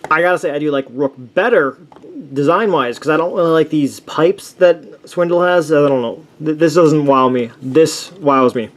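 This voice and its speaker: A man's voice: a little high, normal speed. A man chatting casually through a toy review, enthusiastic and rambling, with many restarts and fillers.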